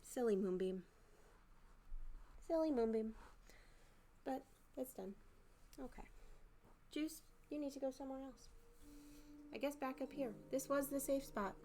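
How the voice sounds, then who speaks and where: A woman's voice: high voice, measured pace, pauses often, slight background noise. A young woman chatting casually on a live art stream at home, self-mocking and prone to repeating herself. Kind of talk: casual live-stream chat while painting. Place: home living room. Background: soft music playing.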